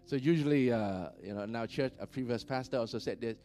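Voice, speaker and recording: Male pastor, mid-pitched, animated sermon delivery with easy laughs, faint music under. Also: fast, few pauses. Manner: animated, often laughs, checks in with "right?". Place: church.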